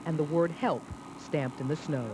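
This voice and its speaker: A woman's voice: deep voice, fairly even intonation, normal speed, darkish tone, a little hiss or hum. Woman news anchor reading the news.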